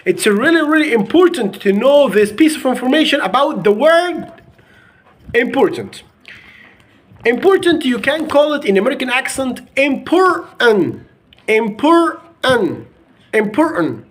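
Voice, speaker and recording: A man's voice: very high-pitched, animated, normal speed. A man whose first language is Arabic, teaching English pronunciation to children. He drills each word by repeating it several times. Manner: drills words by repeating them over and over.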